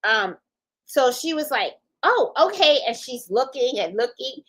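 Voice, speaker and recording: Middle aged lady hosting a craft vlog, chatty, laughs a lot, bit high voice. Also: unhurried, poor audio. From Puerto Rico. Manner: animated, laughing, acts out voices in quotes. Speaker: sewing channel host. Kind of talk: casual storytelling chat.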